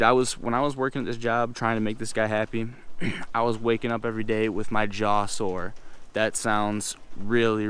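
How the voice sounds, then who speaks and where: A man's voice: fairly low pitch, fairly bright tone, clear, resonant tone. A young man vlogging, talking animatedly and emphatically with lots of swearing, as he rants to his viewers. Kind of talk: casual ranting vlog. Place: outdoors in a city in rain.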